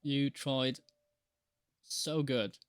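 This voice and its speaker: A man's voice: mid-range voice, fairly even intonation, extremely slow, clear, resonant tone, faint music behind. A man casually chatting while streaming a game live, rambling and joking with frequent laughs and the odd swear. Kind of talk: casual live gameplay chat.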